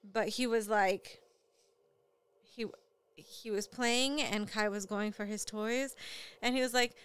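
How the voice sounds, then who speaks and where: Woman, casual podcast co-host, lively storyteller, smooth clear voice. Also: mid-range voice, takes it slowly, no room sound. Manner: animated storyteller who acts out quoted voices. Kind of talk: casual chat.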